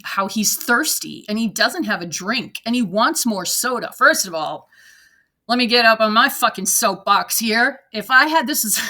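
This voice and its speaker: Blunt, bright-voiced Gen X woman. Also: on the high side. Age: 40s to 50s. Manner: blunt, profane, laughing rants. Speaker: reaction video host. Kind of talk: reading and reacting to online posts. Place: at a desk at home.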